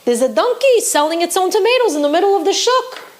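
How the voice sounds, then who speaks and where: A woman voicing an excitable man who loudly calls a crowd over in amazement. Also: extremely high pitch, quick pace, voice pushed up. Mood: astonished. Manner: loud, breathless amazement. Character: excitable man shouting at a market.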